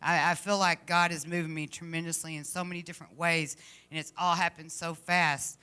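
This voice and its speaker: A woman giving a heartfelt, halting personal testimony to a church congregation. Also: lowish voice, level tone, sharp tone, smooth. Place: church service.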